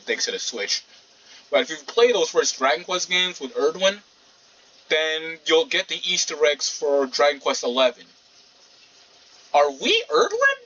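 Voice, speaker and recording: A man's voice: on the high side, distant mic. Rambling gamer man on a lo-fi mic. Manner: animated, rambling, talks back to the game. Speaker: gamer commentating a playthrough. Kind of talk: casual let's-play commentary. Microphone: poor microphone, fan in background. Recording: dull lo-fi mic, faint fan hum.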